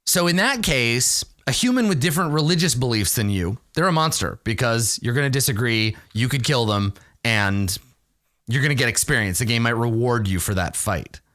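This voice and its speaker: A man's voice: medium pitch, moderate pace. A man hosting an advice show on running role-playing games, talking casually and often ending points with "right?". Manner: animated, ends points with "right?". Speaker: game master advice host. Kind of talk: casual explanatory talk.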